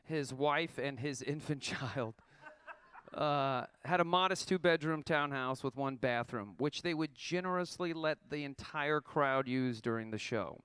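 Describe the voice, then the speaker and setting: A man's voice: fairly high pitch, a little slow, fairly bright tone, smooth. A man in his thirties telling a wry, profane story about his band's tour, reading a prepared account to an audience. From Oklahoma.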